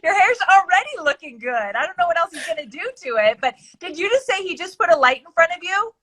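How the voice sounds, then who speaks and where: A woman's voice: extremely high pitch, animated, fast, fairly bright tone, rough recording. A woman guest on a casual live video chat, upbeat and enthusiastic.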